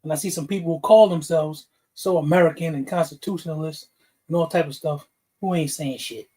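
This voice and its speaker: A man's voice: fairly high pitch, fairly even intonation, fairly quick, mellow. Man, livestream host, casual chat, greets viewers, fired up, laughs often.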